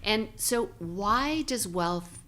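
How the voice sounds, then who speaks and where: A woman's voice: medium pitch, expressive, extremely slow, a bit bright. A woman co-hosting a podcast, upbeat and steering the talk with questions. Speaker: podcast co-host. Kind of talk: casual conversation.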